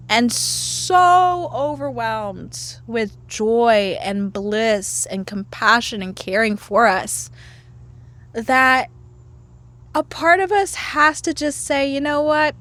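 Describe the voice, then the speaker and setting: Slightly high and fairly bright, this woman's voice belongs to an herbal medicine lecturer guesting on a relaxed podcast interview. She keeps things playful, laughing frequently and performing the voices in her head.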